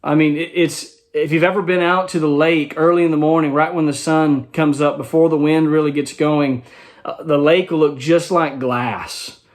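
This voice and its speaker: A man's voice: a little high, steady tone, normal speed. A man teaching a Bible study in a conversational way, explaining a passage verse by verse and checking in with his listeners.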